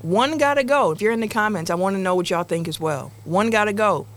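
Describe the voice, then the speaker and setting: Laughing, animated woman podcast host. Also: medium pitch, quick pace. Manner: laughing, animated, reads out show housekeeping. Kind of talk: casual sports podcast chat.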